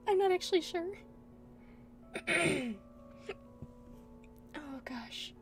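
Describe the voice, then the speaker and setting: A young woman with a very high voice chats casually with her stream audience. She giggles constantly and keeps hiccuping between sentences. Soft music plays faintly behind her. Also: expressive, extremely slow, creaky. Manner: giggly, laughs often. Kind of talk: casual chat.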